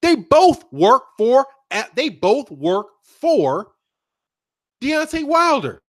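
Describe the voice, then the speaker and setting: A man's voice: very high voice, takes it slowly, dry recording, clean studio sound. A man hosting a boxing channel live stream, giving slangy commentary with frequent laughs and repetitions while reading chat messages. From United States. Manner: animated, slangy, laughs often, repeats himself.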